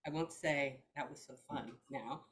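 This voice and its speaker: Quiet woman on the call, low voice, gushing. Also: steady tone, measured pace, husky. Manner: soft-spoken, enthusiastic. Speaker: participant.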